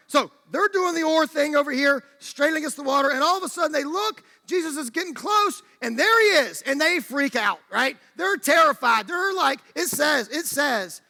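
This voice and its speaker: A preacher with a very high, bright voice gives a lively sermon, animatedly acting out the story's scenes as he tells it. The long reverb of a church hall rings around his words.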